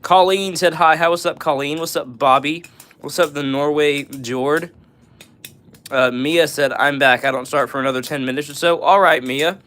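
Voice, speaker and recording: A man's voice: on the high side, fairly even intonation, normal speed, a bit bright. A young man hosting a live stream, reading out viewer comments and answering them in a friendly, upbeat way with lots of "all right" and "bro".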